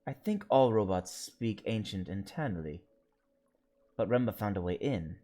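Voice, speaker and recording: A man streaming a story game, reading the lines of several characters aloud and slowly sounding out invented words. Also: on the low side, expressive, mellow, faint music behind.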